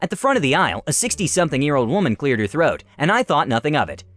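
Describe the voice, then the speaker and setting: Animated male story narrator. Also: fairly high pitch, fast, no room sound.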